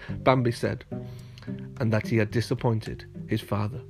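A man reading a storybook tale aloud in an engaging, expressive way. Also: medium pitch, moderate pace, soft background music. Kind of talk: storybook narration.

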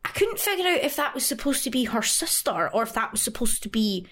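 A woman's voice: a little high, big pitch swings, fairly quick, a bit bright. A woman co-hosting a podcast, chatting casually about films, laughing often and acting out quotes. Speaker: podcast co-host.

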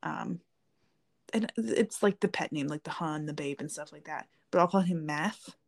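With a low-pitched voice, vocal fry, and a moderate pace, a woman co-hosts a podcast. She chats casually and wanders, using lots of fillers.

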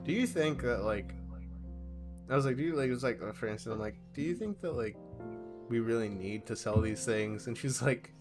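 A man's voice: mid-range voice, brisk, music in the background. A young man co-hosting a podcast in casual chat, rambling with lots of fillers and swearing, acting out little quoted exchanges. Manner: rambling, heavy filler and swearing, animated impressions. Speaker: podcast co-host.

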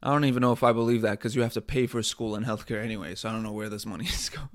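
A man hosting a podcast, talking in a casual comedic rant, animated and profane, rambling with frequent restarts. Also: fairly low pitch, racing. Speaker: podcast host.

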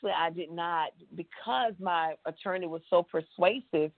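A woman's voice: on the low side, unhurried, no echo. A woman with a Texan accent, an interview guest, telling her story with feeling and acted-out quotes. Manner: emotional, tells it with acted-out quotes. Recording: tinny phone line.

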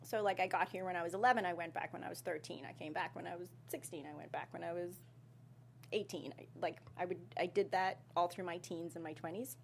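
A woman's voice: on the low side, steady tone, fast talker, gravelly, a little hiss or hum. A young woman from South Africa with a light South African twang in her North American speech, chatting as an interview guest and laughing often. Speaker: actress guest. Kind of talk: casual interview.

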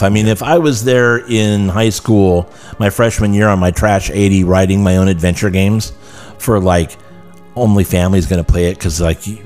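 A man's voice: lowish voice, a little mellow. A man in his fifties, a podcast guest, chatting casually and enthusiastically in a laid-back way, often calling the host "dude". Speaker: podcast guest, creative director.

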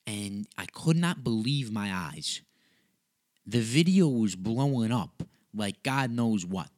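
Young guy on his podcast, low voice, rambles off on tangents, swears casually. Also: animated, slow, darkish tone. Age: young adult. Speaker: podcast host. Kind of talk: casual storytelling.

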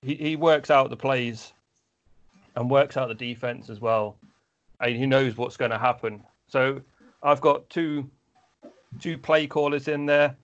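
A man's voice: mid-range voice, measured pace, long pauses, fairly bright tone. Chatty man, slightly lo-fi. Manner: chatty storyteller, many restarts. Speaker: podcast guest or co-host, flag football player. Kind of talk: casual chat, anecdotes. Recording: slightly dull, lo-fi recording.

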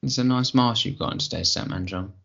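Deep gravelly man, bright edge. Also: brisk, muffled recording. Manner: chatty, advice-giving. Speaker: podcast co-host. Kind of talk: casual chat, answering a listener question.

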